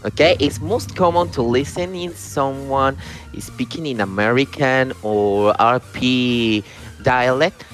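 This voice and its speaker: A man's voice: mid-range voice, takes it slowly, a bit bright, faint music behind. Hesitant man learning English on a call. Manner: hesitant, searching for words, non-native phrasing. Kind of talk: casual group discussion. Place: online voice call.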